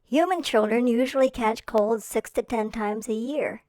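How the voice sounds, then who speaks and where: A woman reading a children's picture-book quiz about seals, explaining slowly and clearly with playful questions. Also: fairly high pitch, darkish tone, dry recording.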